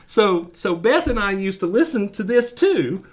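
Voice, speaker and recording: A man's voice: high voice, very animated, measured pace. A man telling a long, rambling personal anecdote to his podcast co-hosts, checking in with frequent "right?" asides. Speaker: podcast co-host. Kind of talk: casual storytelling chat.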